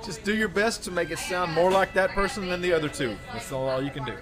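A man's voice: high voice, fast talker, over music. A man hosting a podcast quiz game, teasing the players and laughing often. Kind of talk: casual banter.

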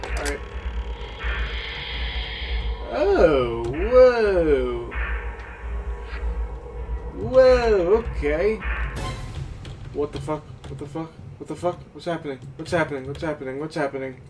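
A man giving let's-play commentary on a horror game, with loud, swearing reactions to scares. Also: a little high, lively intonation, takes it slowly, long pauses, distant mic, music in the background. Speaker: gaming YouTuber.

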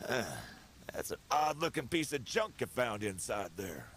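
An actor playing a grudging male trader in a video game, speaking slowly and drily. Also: medium pitch, sing-song, fairly bright tone, a little hiss or hum.

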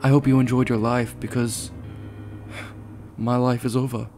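A man reading the lines of a grim undead man who shouts from a prison hall, barely changed from his own voice. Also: mid-range voice, level tone, moderate pace, soft background music, close to an everyday voice. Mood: bitter.

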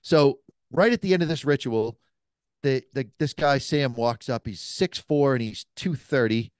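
A man with a smooth, clear voice tells a rowdy story, swearing freely and building it up with energy. The sound is dry and close, with no room echo, as in a mobile podcast studio. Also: mid-range voice, a little slow. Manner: animated, profane storyteller. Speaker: podcast guest, cigar shop owner. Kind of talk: anecdotal storytelling.

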